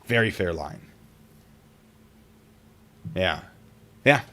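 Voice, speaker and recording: Guy streaming, reading stories and joking around, lively up and down voice, bright tone. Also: sits low, very slow. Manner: chatty, wry, reads stories aloud and reacts. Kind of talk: casual live-stream commentary.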